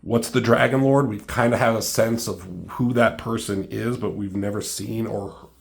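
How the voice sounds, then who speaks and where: A man's voice: lowish voice, steady tone, normal speed, vocal fry. A young man in casual chat, walking through his own comic book, with many fillers like "like" and "um".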